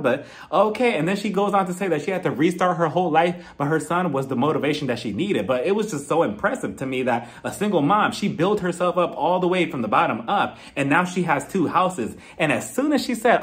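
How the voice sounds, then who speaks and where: This is a man reviewing a reality show to his viewers in a loose, conversational way. His voice sits a bit high and swings widely, shooting up when he acts out his own disbelief, and he often breaks into laughter at his own asides. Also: quick pace, few pauses. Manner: chatty, animated, laughs at his own jokes; jumps into high-pitched exclamations when mimicking reactions. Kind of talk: casual solo commentary.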